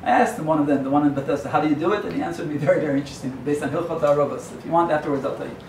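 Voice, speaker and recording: A man's voice: a little high, steady tone, very fast, darkish tone. A rabbi giving a sermon in a yeshiva hall, his slightly raised voice wandering through asides and jokes. He stands at a distance from the mic, so the voice rings in the room over a faint hum. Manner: digressive, joking storyteller.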